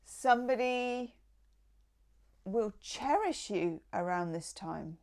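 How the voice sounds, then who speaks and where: A woman's voice: mid-range voice, lively intonation, slow, a little mellow. A woman giving a tarot reading in a casual, enthusiastic and affectionate way, with chatty asides. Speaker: tarot reader.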